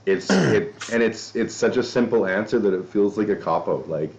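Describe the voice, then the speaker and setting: A male podcast host with a very low voice, talking in a loose, rambling way, cursing casually and poking fun at himself. The audio is dull and a bit lo-fi. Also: animated, normal speed, vocal fry, darkish tone, a little hiss or hum. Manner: rambling, swears casually, self-deprecating asides. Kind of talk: casual chat.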